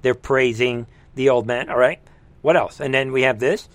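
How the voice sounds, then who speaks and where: A man hosting a live political commentary stream, emphatic and sarcastic, jumping between loud exclamations and low muttering. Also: steady tone, normal speed, dry recording.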